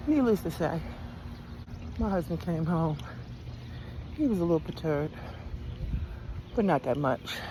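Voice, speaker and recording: An older woman vlogger telling a story in a lively, chatty way while out on a walk. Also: deep voice, unhurried, long pauses, noisy background. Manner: animated, chatty, Southern-style storytelling. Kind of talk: storytelling while walking outdoors. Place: outdoors on a walk, rural road.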